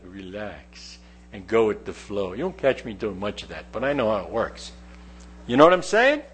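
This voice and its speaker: A man preaching a sermon, reading scripture aloud and then explaining it in chatty, joking asides. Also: on the high side. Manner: animated, jokes and laughs with listeners. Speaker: pastor.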